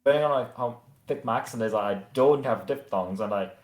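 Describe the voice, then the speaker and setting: A man with a regional British accent and flat vowels, hosting a casual livestream chat with short, dry replies. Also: medium pitch, a little fast. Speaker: streamer host. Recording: roomy, echoey sound.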